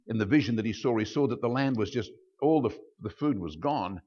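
A man preaching a sermon as pastor, explaining scripture and acting out quoted speech with big jumps in pitch. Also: animated, fairly quick, a little mellow, slightly rough. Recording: dull lo-fi sound.

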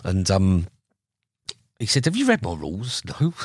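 A man's voice: low voice, huge pitch swings, moderate pace, a little mellow, breathy edge, dry recording, clean studio sound. Chatty middle-aged man telling fishing stories. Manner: chatty, acts out quoted dialogue with laughs. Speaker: podcast guest, carp angler. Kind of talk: casual storytelling.

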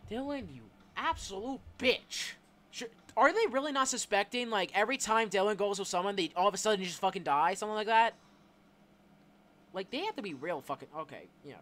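A man's voice: high voice, brisk, fairly bright tone. A young man doing Let's Play commentary, swearing a lot and rambling with lots of fillers. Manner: reads game dialogue aloud in put-on voices. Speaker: gameplay YouTuber.

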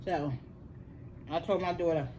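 A woman's voice: lowish voice, steady tone, measured pace, dark tone, slight background noise. A middle-aged woman chatting earnestly to her viewers about her health. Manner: chatty, earnest storytelling, addresses viewers as y'all. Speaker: mukbang vlogger. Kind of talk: casual chat to viewers.

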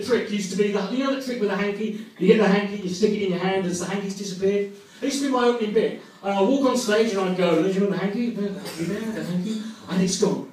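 An English stand-up comedian with a rather high voice, swearing his way through a conversational, self-mocking set. The mic picks him up from a distance in a very echoey room. Faint ambience sits underneath. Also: a little hiss or hum. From England. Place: comedy club stage.

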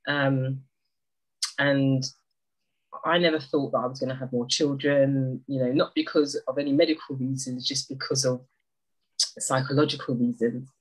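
A woman speaking on a video call, giving an emotional, halting thank-you to a friend and neighbour, often apologising and restarting. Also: extremely low pitch, fairly even intonation, poor audio.

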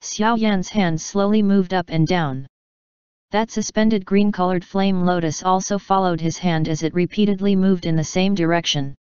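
A woman with a low, exceptionally smooth and clear voice reads a fantasy novel with steady, even pacing. The sound is dry with no room echo, on a somewhat dull, lo-fi recording. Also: moderate pace. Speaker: audiobook narrator. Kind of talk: scripted fantasy novel narration.

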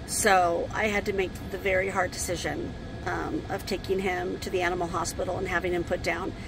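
A grieving woman vlogging from inside her RV, speaking haltingly with many pauses and fillers. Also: fairly low pitch, level tone, vocal fry, noisy background. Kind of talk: casual talk to camera.

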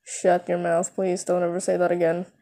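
A blunt, protective young prince, voiced by a woman telling a fan story. He talks in a dry, plain way, a touch lower than her normal voice. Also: completely flat delivery, normal speed, warm tone, lightly acted.

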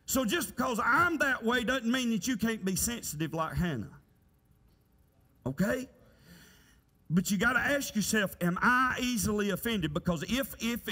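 High, bright-voiced preacher. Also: male voice, slightly rough. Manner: folksy, conversational preaching with rhetorical questions. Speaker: pastor. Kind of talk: sermon. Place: church sanctuary. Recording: church hall reverb.

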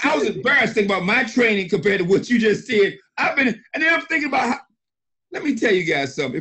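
A middle-aged man on a conference call, emphatic and animated, often repeating himself. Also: high voice, husky. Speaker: senior partner and mentor. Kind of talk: excited conference-call praise.

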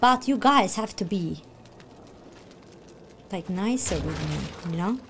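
A woman streamer giving excitable live reaction commentary on a video game, shrieking, gasping and talking to the characters on screen. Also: medium pitch, slow pace, background noise. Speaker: gaming streamer.

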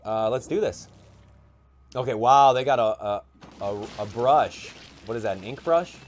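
A young man giving casual gameplay commentary, chatty and excitable, thinking aloud with plenty of fillers. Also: mid-range voice, unhurried, slight background noise. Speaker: gaming YouTuber.

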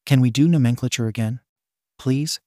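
A man's voice: mid-range voice, moderate pace, mellow, no room sound, clean studio sound, close to an everyday voice. A man voicing an earnest, flustered teenage boy student who stammers a little, in a fan-fiction audio reading. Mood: eager.

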